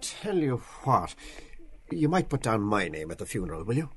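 An actor playing an affable, chatty acquaintance with a casual, slightly ingratiating manner. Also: male voice, lowish voice, sing-song, normal speed, slight background noise.

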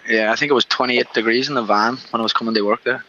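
A man's voice: medium pitch, rapid-fire, highs cut off, slight background noise. A Northern Irish man, a restaurant owner, talking easily in a radio interview from outside his seaside restaurant. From Northern Ireland. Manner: relaxed, easygoing storyteller.

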